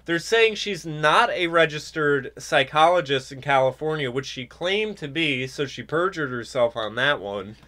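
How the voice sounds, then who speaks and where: A man's voice: on the high side, animated, moderate pace, few pauses, bright, forceful tone. A man hosting a political talk show, ranting sarcastically and mimicking others. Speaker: podcast host. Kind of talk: political commentary chat.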